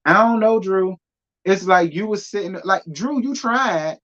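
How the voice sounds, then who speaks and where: A man's voice: high voice, normal speed, a bit bright. A man, giving sassy, emphatic commentary on reality TV. He drives his points home by repeating them. The audio is muffled and lo-fi. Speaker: reality TV recap host. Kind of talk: live review commentary.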